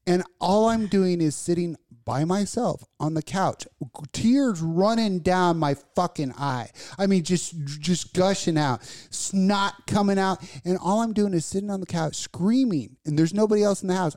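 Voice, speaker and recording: A woman co-hosting a podcast, telling a story in a casual, animated and profane way. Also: fairly low pitch, no echo, clean studio sound. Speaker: podcast co-host. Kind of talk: casual chat.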